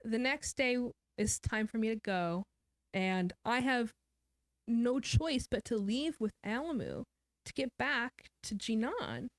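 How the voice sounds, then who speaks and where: A woman's voice: on the high side, big pitch swings, measured pace, dry recording, studio quality. Candid woman telling a painful story. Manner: candid, quotes others mid-story. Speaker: guest author. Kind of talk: personal storytelling in an interview.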